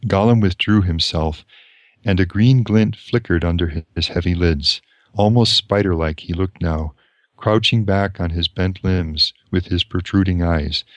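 Low voiced guy reading a book out and explaining it, slow, dry close sound. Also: no echo, dull audio. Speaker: lecturer. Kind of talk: reading aloud and commenting on a novel.

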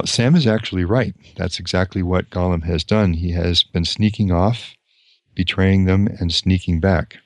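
A man reading a novel aloud and commenting on it as a lecturer, slow and deliberate. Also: sits low, a little mellow, dry recording.

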